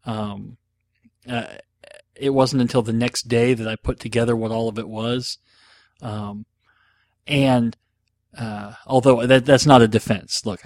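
A man with a lowish, slightly mellow voice fields listener questions on a casual solo show. Rambling and joking, he keeps putting himself down and leans heavily on ums and uhs. There's no room sound.

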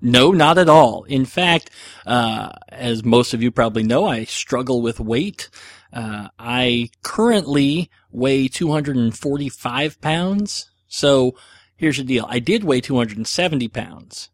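Middle-aged male podcast host, rambling and self-deprecating, average pitch, dry close sound. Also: lively intonation, unhurried, no echo. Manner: rambling, chatty, self-deprecating, many fillers. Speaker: podcast host answering listener questions. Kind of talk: casual chat.

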